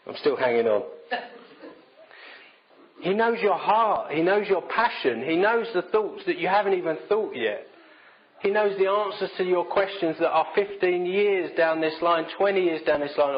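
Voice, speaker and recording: A man's voice: fairly high pitch, dull audio. A man preaching a sermon in a conversational, self-deprecating storytelling manner.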